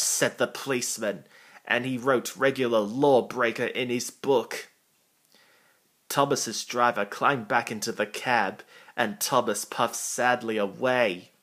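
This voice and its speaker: A man reading a children's storybook aloud in a measured way. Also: mid-range voice, steady tone, fairly bright tone.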